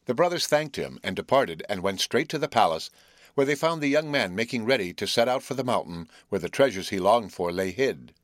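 A man reading a fairy tale aloud as scripted narration, measured and even, lifting his voice a little for the characters. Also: no room sound, clean studio sound. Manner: measured, gently lifts pitch for quoted characters. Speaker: audiobook reader.

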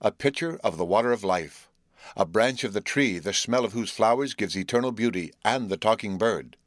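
A grave old man of a storybook speaks in a slow, knowing way, as a male reader puts him on. His voice sits a little above the reader's own low tone. He is polite and measured. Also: lively intonation, fairly bright tone, no room sound, clean studio sound. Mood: solemn.

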